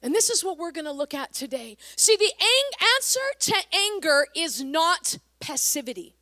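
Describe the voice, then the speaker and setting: A woman pastor from Canada preaching a sermon, energetic and emphatic, reading scripture slowly and dramatically. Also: very high-pitched, no echo, clean studio sound.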